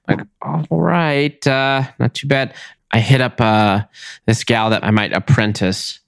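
A man's voice: lowish voice, unhurried, clean tone, no room sound, clean studio sound. A young man hosting a podcast, telling a long story in a casual, exasperated way and acting out both sides of each conversation. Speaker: podcast host.

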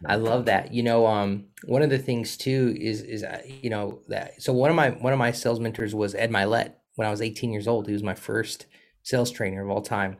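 A man with a slightly low voice chats casually as a sales coach. He talks with enthusiasm and keeps affirming what he hears. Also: steady tone, brisk. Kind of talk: casual conversation.

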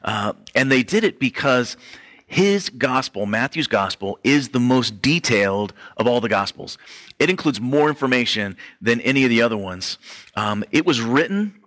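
Man, pastor type, bright forward voice, chatty sermon delivery, lots of "like" and "um". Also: medium pitch, lively intonation, moderate pace. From Western Europe ancestry only; none. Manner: conversational, filler-heavy, says "like" often. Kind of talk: casual sermon teaching.

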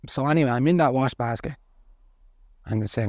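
Middle-aged Irish man, blunt candid storyteller, mid-pitched, dry close mic. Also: a little fast, darkish tone, dry recording. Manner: earnest, blunt, colloquial. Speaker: podcast guest.

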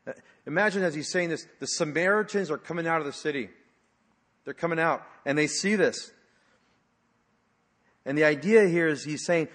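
A pastor preaching a sermon in a church, telling stories in a conversational way with fillers and sometimes dropping to a hushed voice. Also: male voice, on the high side, moderate pace, pauses often. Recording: long reverb of a large hall.

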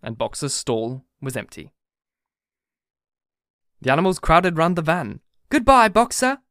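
A man narrating an audiobook with steady, even reading. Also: mid-range voice, a little slow, dry recording, studio quality. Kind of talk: scripted narration.

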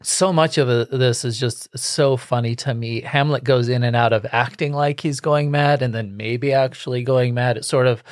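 A man's voice: mid-range voice, steady tone, normal speed, few pauses, no room sound. Dry-joking man, very dry studio sound. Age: 40s. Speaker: podcast co-host. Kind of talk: casual podcast chat.

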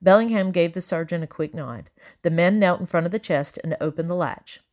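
Woman reading an audiobook, low voice. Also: a little fast, darkish tone. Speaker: audiobook narrator. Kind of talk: first-person audiobook narration.

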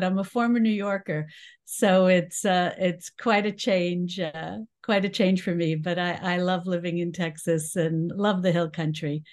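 New york lady in her 60s, chatty interview guest, lots of uhs and laughs. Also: medium pitch. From New York City. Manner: chatty, laughs often, many fillers. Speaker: guest, cooking teacher. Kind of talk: casual interview chat.

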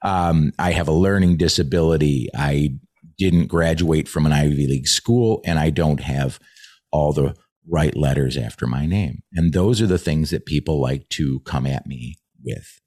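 A man's voice: rumbling low, moderate pace, a little mellow, dry recording, clean studio sound. A man who trains leaders, talking earnestly in a podcast conversation and swearing freely.

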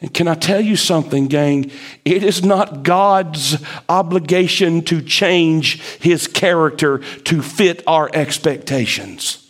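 A man preaches slowly but emphatically, acting out the prophet's grievances and pushing his voice upward as he presses his point home in the sermon.

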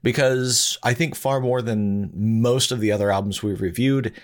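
A man hosting a podcast in casual chat, talking in a thoughtful, measured way. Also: medium pitch. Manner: thoughtful and measured, reflects at length. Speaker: podcast host.

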